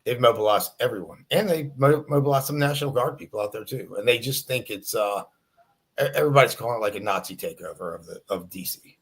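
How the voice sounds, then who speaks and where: Laid-back, halting male cop guest. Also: on the low side. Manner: halting, lots of fillers, measured, sees both sides. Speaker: police officer guest. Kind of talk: casual livestream chat.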